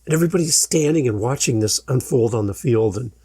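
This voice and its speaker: A man hosting a podcast, telling a story in an animated way and acting out the quoted shouts. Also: mid-range voice, fast, husky, no echo, studio quality. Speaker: podcast host. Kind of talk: storytelling monologue.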